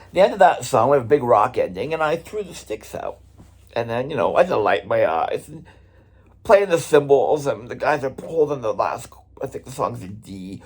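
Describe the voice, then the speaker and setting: A middle-aged man with a husky, slightly rough voice tells a story from his touring days. He talks casually and conversationally, and his pitch jumps up and down with lively expression. He drops the odd swear word along the way. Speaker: drummer and vlog host.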